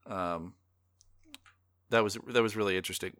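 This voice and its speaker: A man hosting a casual film discussion podcast, animated and quick to laugh, often restarting his sentences. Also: mid-range voice, dry recording, studio quality. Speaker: podcast host.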